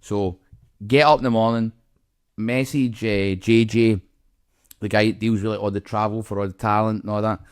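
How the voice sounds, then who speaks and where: A man's voice: on the low side, moderate pace, smooth. Sweary Scottish man telling a wild story. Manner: animated storyteller, swears a lot, acts out voices. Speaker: podcast co-host. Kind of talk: casual storytelling chat.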